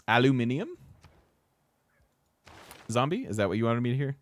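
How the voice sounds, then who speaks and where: A let's play host with an expressive mid-range voice chats very fast while playing a strategy game, laughing often and talking casually with his viewers.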